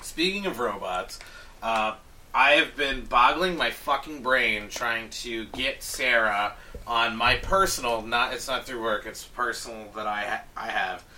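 A man in casual chat, ranting in an exasperated, animated way with heavy swearing. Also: medium pitch, unhurried, recorded from a distance, slight background noise.

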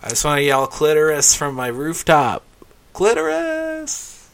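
A man's voice: fairly high pitch, fairly even intonation, moderate pace, fairly bright tone, clean tone. A man co-hosting a podcast in casual chat, crude and joking, laughing often. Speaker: podcast co-host.

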